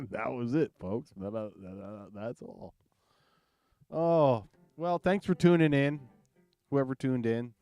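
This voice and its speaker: Man co-host, casual rambling, smooth clear voice, dry close sound. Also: mid-range voice, slow, dark tone, no room sound, faint music behind. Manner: laid-back, rambling, laughs often. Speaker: podcast co-host. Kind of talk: casual chat. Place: small studio.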